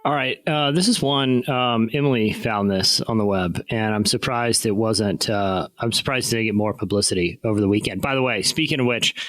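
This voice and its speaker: A man co-hosting a podcast, telling stories in a rambling, laughing way, his pitch jumping up when he gets excited. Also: moderate pace, hardly any pauses, dry recording. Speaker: podcast co-host. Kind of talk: casual chat, reading news stories.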